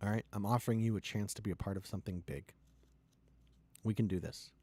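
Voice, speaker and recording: A startup founder ranting and pitching with heavy swearing, swinging from loud outbursts to low, quiet lines. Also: male voice, fairly quick. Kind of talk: impassioned profane rant and pitch.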